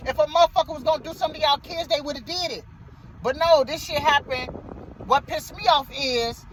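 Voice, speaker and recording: A man's voice: extremely high pitch, fairly bright tone, a little hiss or hum, rough recording. A man who drives a motor coach bus tells a story in a casual vlog, heated and profane, and he repeats himself.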